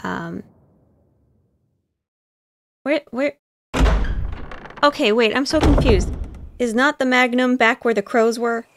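A young woman streams a game and chats casually with viewers, frequently in a flustered panic. She takes her time, with a fairly high voice and long pauses, and a little hiss or hum can be heard.

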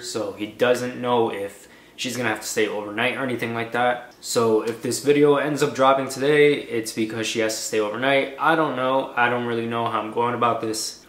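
Soft-spoken young man vlogging. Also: mid-range voice, reverberant. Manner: soft, reassuring, emotional. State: tearful. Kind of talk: casual vlog to camera.

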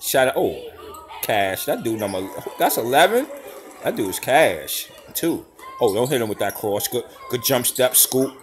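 Excitable male YouTuber, slangy reaction commentary, very animated pitch. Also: unhurried. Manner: excitable, hollers and laughs at big plays; casual slangy talk. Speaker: YouTuber reacting to basketball highlights.

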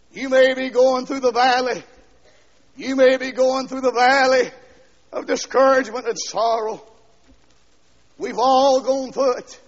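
A man preaching a fiery revival sermon, dropping to quiet asides and then shouting and singing out lines, heard on a dull 1970s LP recording from a church. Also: extremely high pitch. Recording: dull 1970s LP recording with long hall echo.

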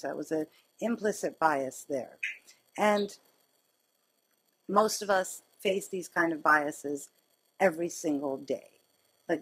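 A woman surgeon gives a grand rounds lecture, slipping into lively personal stories as she talks. Her voice sits on the lower side and has a husky edge. She keeps it conversational throughout. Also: low-quality recording. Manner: conversational, animated storytelling with laughs. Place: lecture hall.

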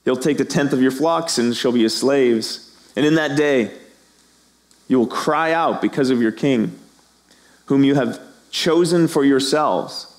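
A middle-aged man preaches a sermon to his congregation. He keeps it animated and slips into the voices of the people in the story. His voice sits at an ordinary middle pitch. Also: unhurried. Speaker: pastor.

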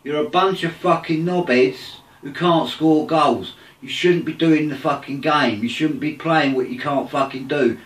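A man's voice: fairly high pitch, measured pace, hardly any pauses, roomy sound, distant mic. A man ranting angrily about his football team, swearing constantly. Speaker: football fan. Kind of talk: angry rant to camera.

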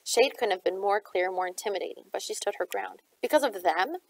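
Gravelly-voiced woman reading a novel aloud. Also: mid-range voice, brisk, poor audio. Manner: steady storytelling narration. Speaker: audiobook reader.

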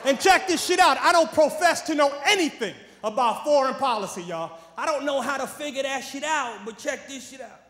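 A brash, high-voiced man with a New York accent rattles through a profane stand-up set. He drops to a mutter, then bursts into shouts. The sound is echoey, from a big hall with a crowd behind him. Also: expressive, fairly quick, few pauses. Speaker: stand-up comedian. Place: large comedy venue with a live audience.

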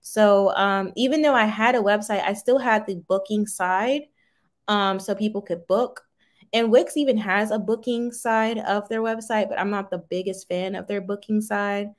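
A woman's voice: mid-range voice, fairly even intonation, normal speed. A woman in her thirties chatting casually on a livestream, answering viewer comments in a folksy, talkative way. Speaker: livestream host, small business owner.

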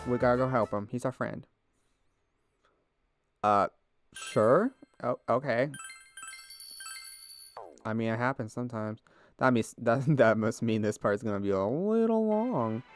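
A man's voice: mid-range voice, a little slow, pauses often, faint music behind. A laid-back man giving rambling let's play commentary over a video game. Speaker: gaming streamer.

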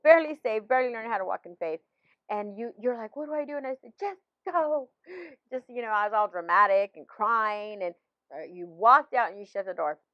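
A woman's voice: mid-range voice, brisk, dry recording, dull audio. A woman in her fifties, a pastor, sharing a personal faith story in conversation with many restarts and laughs.

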